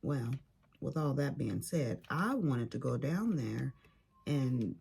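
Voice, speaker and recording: A woman with a very husky, gravelly voice chats casually as she crafts. She tells unhurried stories with a sassy edge. Her pitch moves a lot as she talks. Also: expressive, darkish tone. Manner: chatty, storytelling, sassy asides. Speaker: craft vlogger. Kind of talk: casual chat while crafting.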